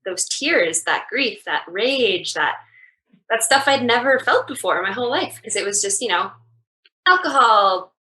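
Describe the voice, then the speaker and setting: A woman's voice: fairly high pitch, big pitch swings, a little slow, pushed and bright, rough recording. A woman being interviewed as a guest, talking candidly and reflectively with many "like" fillers. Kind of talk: casual reflective conversation.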